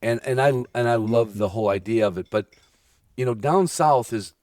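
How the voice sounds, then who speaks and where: A man from Illinois chats loosely as a podcast host, joking and circling back on himself as he goes. His voice sits at an ordinary middle pitch. The sound is close and dry, with little room around it. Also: normal speed, darkish tone, no echo. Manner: rambling, jokey, talks over himself. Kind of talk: casual podcast chat. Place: indoors at a hunting preserve.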